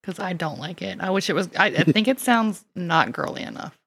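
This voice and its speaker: Speaking fairly quickly in a fairly low, creaky voice with a fairly bright tone and a breathy edge, this Southern-accented woman from Mississippi co-hosts a casual chat podcast. She tells stories in a self-deprecating, chatty manner.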